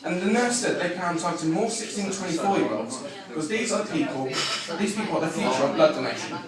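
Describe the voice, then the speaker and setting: A man working a comedy club crowd, high-voiced and swinging widely in pitch as he fires off brash, crude punchlines. He sits well back from the microphone in a very echoey room. Clear audience laughter rolls in behind him. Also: fast talker, recorded from a distance. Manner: deadpan one-liners, brash and crude. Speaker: stand-up comedian. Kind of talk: live stand-up routine.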